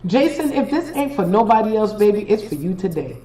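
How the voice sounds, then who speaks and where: A woman's voice: mid-range voice, very animated, a little fast, warm tone, slight background noise, poor audio. A woman hosting a live stream, giving an emphatic, preachy and profane motivational pep talk straight to her viewers. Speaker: spiritual reader and live-stream host.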